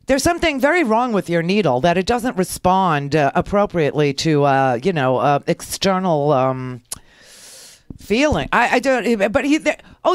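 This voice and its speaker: A woman's voice: lowish voice, sing-song, normal speed, no echo, clean studio sound. A middle-aged woman hosting a talk radio show, giving sarcastic, rambling political commentary full of restarts.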